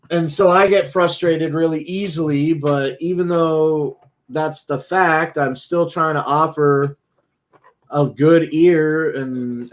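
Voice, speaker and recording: A man streaming, talking casually in a blunt, profane, rambling way. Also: on the high side. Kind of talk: casual talk.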